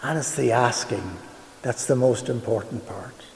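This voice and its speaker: A man's voice: medium pitch, measured pace. Man giving an earnest talk in an echoey hall. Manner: earnest storytelling, rhetorical questions. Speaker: homeless charity director giving a talk. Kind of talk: public talk with anecdotes. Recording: echoey hall with long reverb.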